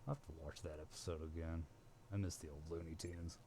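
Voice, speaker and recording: A man's voice: very deep voice, fairly even intonation, brisk, background noise. A male streamer chatting casually while playing a video game live. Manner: casual, chatty, talks to himself. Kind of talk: live gameplay commentary.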